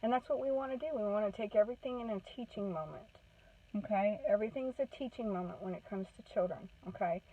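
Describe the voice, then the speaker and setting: A woman's voice: mid-range voice, fast talker, far from the mic. Earnest woman giving parenting advice, tinny. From Maine. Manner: earnest, repeats "okay?" to check in with listeners. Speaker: parenting advocate. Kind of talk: casual parenting advice talk. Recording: tinny phone-like sound from off the mic.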